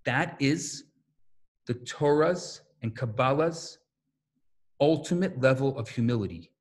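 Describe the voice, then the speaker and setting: A man, a rabbi, giving a lecture full of stories and acted-out quotes, in an animated manner. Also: medium pitch, unhurried, long pauses. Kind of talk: lecture with storytelling.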